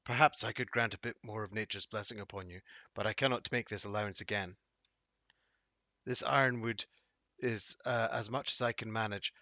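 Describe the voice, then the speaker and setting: A man's voice: fairly low pitch, steady tone, moderate pace, bright, forceful tone, dry recording. Grudging temple priest, read by a man. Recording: dull dry audio.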